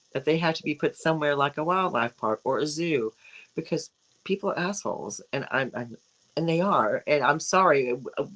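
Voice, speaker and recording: Woman cohost rambling away in a casual chat, lots of restarts, gets animated. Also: sits low, rough recording. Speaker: co-host.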